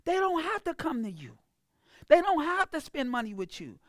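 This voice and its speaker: Emphatic high-voiced woman coaching sales. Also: sing-song, normal speed, no room sound, studio quality. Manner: emphatic, preachy, acts out clients in a mocking voice. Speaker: business coach. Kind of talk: motivational sales talk.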